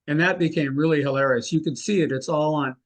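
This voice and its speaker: Animated older man telling a story. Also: a little high, fast. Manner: animated, acts out the people he quotes. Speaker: guest, mentalist. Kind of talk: anecdotal storytelling in an interview.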